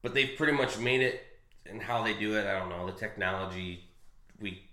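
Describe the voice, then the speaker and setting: A man chatting casually about a comic, rambling and halting with fillers and restarts. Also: fairly low pitch, sharp tone, reverberant. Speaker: co-host discussing a comic. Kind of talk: casual chat.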